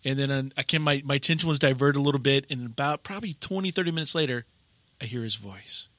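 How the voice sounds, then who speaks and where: A middle-aged man hosting a podcast, telling a story in a casual, animated way and acting out the quotes. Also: medium pitch, quick pace, no echo. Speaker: podcast host.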